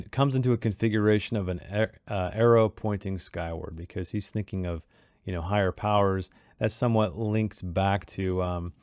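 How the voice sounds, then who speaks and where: A man's voice: on the low side, gravelly, darkish tone, dry recording, clean studio sound. A man talking casually about a short story he wrote, thinking aloud with many restarts. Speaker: author discussing his own short story. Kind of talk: casual commentary on his writing.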